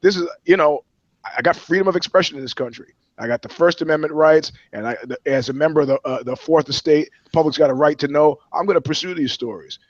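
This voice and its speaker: Male journalist co-host, blunt and profane, fairly high voice, dull dry recording. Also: quick pace, dry recording. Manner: blunt, swearing, storytelling. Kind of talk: profane podcast chat.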